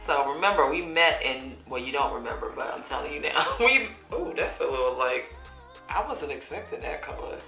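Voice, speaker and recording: A woman's voice: low voice, animated, moderate pace, sharp tone. A woman in her thirties chatting casually while doing her makeup, laughing often and using folksy slang. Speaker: beauty vlogger. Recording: echoey room with faint music.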